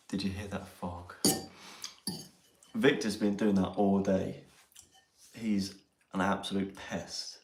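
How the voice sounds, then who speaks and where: A man's voice: sits low, little pitch movement, slow pace, long pauses, darkish tone, roomy sound, slight background noise. An English man hosting a casual live chat, joking and laughing with his mate. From England. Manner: banter and laughing. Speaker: live stream host. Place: outdoors near Ely.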